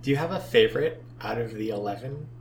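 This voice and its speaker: A man's voice: medium pitch, quick pace. Young guy on a podcast, chill, kinda echoey room with a hum. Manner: relaxed, agreeable, shares trivia. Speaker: podcast co-host. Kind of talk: casual chat about a movie.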